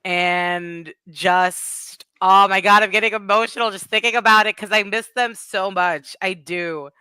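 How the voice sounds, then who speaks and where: Bright, crisp-voiced woman gushing as a fan. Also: medium pitch, fairly even intonation, measured pace, no echo. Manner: gushing, rambling fan talk. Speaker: podcast guest. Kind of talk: casual chat.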